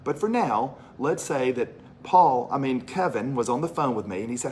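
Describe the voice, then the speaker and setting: Speaking with a Southern accent, this Mississippi man pitches a business opportunity to a live audience in an animated, chatty, storytelling style, repeating phrases to drive points home. His medium-pitched voice is expressive, fairly quick, and a little mellow, with slight background noise.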